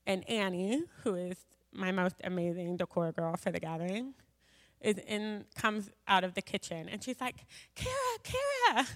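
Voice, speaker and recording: A woman's voice: lowish voice, moderate pace. A woman sharing a personal faith story with a gathering in a chatty way, full of fillers and asides. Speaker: speaker sharing a personal testimony. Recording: long hall reverb.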